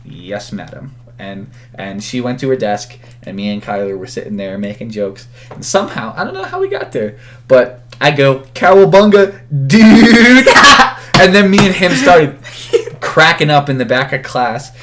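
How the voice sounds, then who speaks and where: A man's voice: mid-range voice, normal speed, a little hiss or hum. A young man co-hosting a podcast, casually telling a school story and acting out its people. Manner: animated storyteller, acts out the people in his story. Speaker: podcast co-host.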